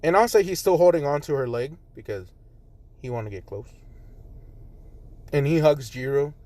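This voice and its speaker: A man's voice: on the high side, lively intonation, moderate pace, mellow. A man improvising a fan story in a rambling, casual way, full of fillers, recorded on a phone.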